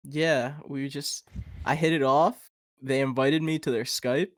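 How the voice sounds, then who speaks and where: A young man co-hosting a podcast, telling a rambling, animated story full of fillers in casual chat. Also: medium pitch, takes it slowly, no room sound. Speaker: podcast co-host.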